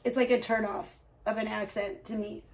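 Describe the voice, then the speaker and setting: A woman's voice: medium pitch, little pitch movement, normal speed. A woman livestreamer in casual talk, profane and gossipy, venting at length about other streamers.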